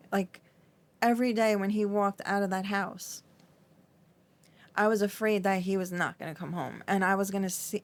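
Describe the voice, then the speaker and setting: A middle-aged woman talking as a podcast guest, her voice shaky as she recounts something painful, often halting, restarting and filling with "like". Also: mid-range voice. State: shaky, trembling. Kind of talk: emotional interview recollection.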